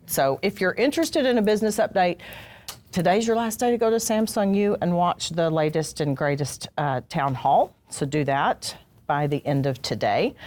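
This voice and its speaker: A woman's voice: lowish voice, a little mellow. A middle-aged woman hosting a casual onstage interview, chatty and self-deprecating, joking with her guest. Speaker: host, HR director. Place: live event room with audience.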